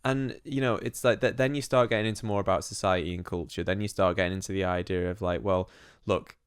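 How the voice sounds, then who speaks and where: A man co-hosting a chatty podcast, rattling along at a quick pace in a lowish, smooth voice. He talks bluntly, swears freely and often restarts his sentences. The sound is close and dry. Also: fairly even intonation, no room sound. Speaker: podcast co-host. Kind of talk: casual podcast chat.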